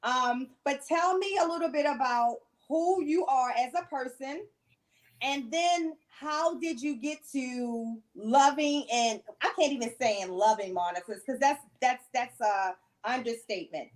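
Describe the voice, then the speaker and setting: A woman hosting a casual podcast interview, gushing and excitable as she talks with her guest. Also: high voice, a little slow. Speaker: podcast host.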